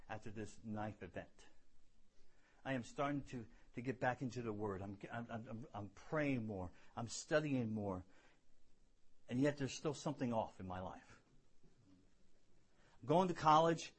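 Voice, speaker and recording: A husky, slightly breathy man preaches a sermon built around his own story. He swings from loud, emphatic peaks down to hushed, quiet lines. He often repeats a word or two as he works toward a point, all at a mid-range pitch. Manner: repeats words when building a point. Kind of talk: sermon with personal testimony.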